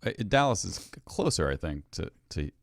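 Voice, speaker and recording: A man co-hosting a comedy podcast speaks in a very low voice that sounds close and dry. He stays low-key, dropping wry remarks and agreeing along with the host. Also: sing-song, brisk, creaky, no room sound.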